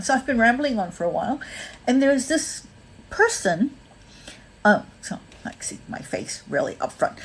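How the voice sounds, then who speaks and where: With a mid-range, breathy-edged voice in a low-quality recording, a Malaysian woman chats casually on a livestream. Her accent blends mostly American with a touch of Australian, and she rambles with lots of ums while greeting viewers by name.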